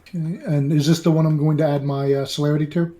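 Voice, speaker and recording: A man playing a tabletop game, talking haltingly and often clearing his throat. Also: fairly high pitch, level tone, dark tone. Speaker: player.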